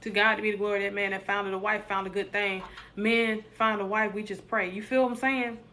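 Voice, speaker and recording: A woman's voice: mid-range voice, level tone, fairly quick, bright, forceful tone, a little hiss or hum. A young adult woman, hosting a casual live stream, joking with viewers and preaching encouragement.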